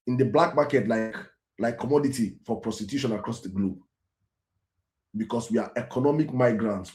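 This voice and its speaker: Here the Nigerian host sounds warm and mid-range, with a roomy acoustic. On his own show, he offers passionate, emphatic commentary, repeating the main phrases and shifting into Pidgin at times.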